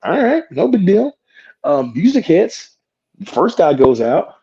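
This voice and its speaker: Animated, husky man telling wrestling stories. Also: high-pitched, takes it slowly, muffled recording. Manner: profane, animated, acts out quotes. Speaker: wrestler guest. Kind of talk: animated storytelling.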